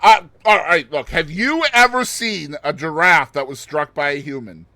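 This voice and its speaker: Bright-voiced joking man podcaster. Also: on the high side, moderate pace, vocal fry, dry recording. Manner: joking, rambling, punny asides. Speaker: podcast co-host. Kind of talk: casual chat.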